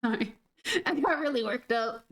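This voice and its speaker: A young woman chats over her gameplay in a high, bright-sounding register. She rambles loosely from thought to thought and giggles often. Her talk is peppered with "like". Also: normal speed. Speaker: gaming streamer. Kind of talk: casual chat over gameplay.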